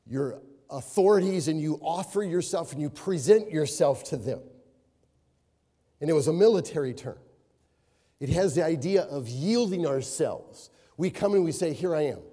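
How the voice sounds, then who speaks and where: A man's voice: fairly high pitch, dark tone. A middle-aged man preaching a sermon, hammering key words through repetition and breaking into anecdotes with a chuckle. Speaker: pastor. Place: church sanctuary. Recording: long reverberant hall.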